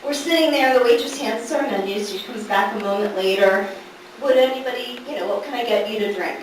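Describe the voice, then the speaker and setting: A middle-aged woman telling a family story to a live audience, animated and laughing through the funny parts. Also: on the high side, a little fast. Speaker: daughter telling a story at a gathering. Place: large echoey room at a family gathering. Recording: echoey room, far from the mic, background noise.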